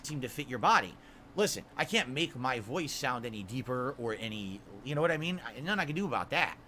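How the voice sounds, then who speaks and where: A man with a high-pitched voice answering criticism in a clip, defensive and full of rhetorical questions. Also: big pitch swings, brisk, pushed and bright, slight background noise. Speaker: streamer in a played clip. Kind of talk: defensive monologue to camera.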